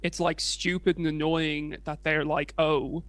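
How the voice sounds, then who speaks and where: A man's voice: fairly high pitch, level tone, a little slow, fairly bright tone, no echo. A young English man co-hosting a podcast, chatting casually in a rambling, hesitant way with plenty of swearing. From England. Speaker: podcast co-host. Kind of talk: casual chat.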